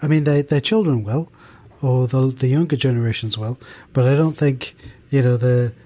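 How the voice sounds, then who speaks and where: A man's voice: mid-range voice, normal speed, warm tone. A man from the UK co-hosting a podcast, talking in a thoughtful, rambling way with many restarts and fillers. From United Kingdom. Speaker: podcast co-host. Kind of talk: casual podcast discussion.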